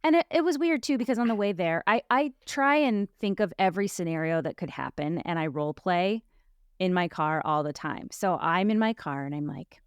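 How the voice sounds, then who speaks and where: A woman's voice: fairly low pitch, expressive, a little fast, clean tone, dry recording, studio quality. A woman podcast host and life coach in a casual chat, telling personal stories in a candid, reflective way with frequent restarts.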